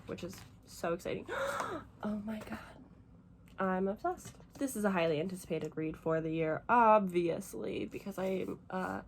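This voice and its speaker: A young woman from the United States, a book vlogger chatting casually and gushing emotionally, rambling fast with lots of fillers while teary. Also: fairly low pitch, slight background noise. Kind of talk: casual vlog chat.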